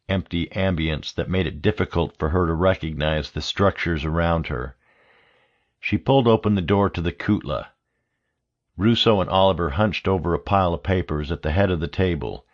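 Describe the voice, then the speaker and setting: A man narrating an audiobook thriller in a steady, measured reading. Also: deep voice, highs cut off. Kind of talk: scripted narration.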